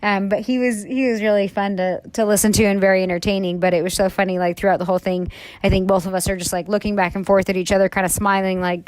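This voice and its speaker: A woman's voice: mid-range voice, little pitch movement, fast, a little mellow, no echo. A woman in her thirties, a salon owner talking candidly in a casual podcast chat, rambling with lots of fillers and the odd swear word.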